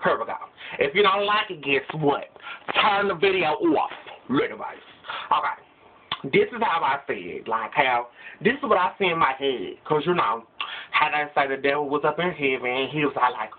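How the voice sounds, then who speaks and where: Playful man with a lively, bouncing voice. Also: a little high, moderate pace. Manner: playful, rambling, teasing the viewer. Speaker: vlogger. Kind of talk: comic retelling in casual chat. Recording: tinny phone-like audio with noise.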